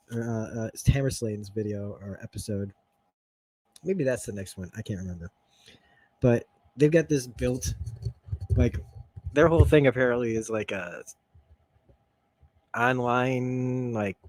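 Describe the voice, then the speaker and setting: A man's voice: medium pitch, a little mellow, no echo. Rambling, enthusiastic man recapping a show. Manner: rambling, enthusiastic, laughs often. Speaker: host. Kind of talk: stream-of-consciousness TV recap. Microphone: streaming setup mic.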